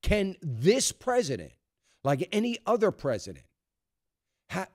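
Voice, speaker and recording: A man's voice: high voice, wildly swooping pitch, a little slow, no room sound, studio quality. A man hosting a talk radio show, giving emphatic, conversational commentary full of fillers and restarts. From United States. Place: radio studio.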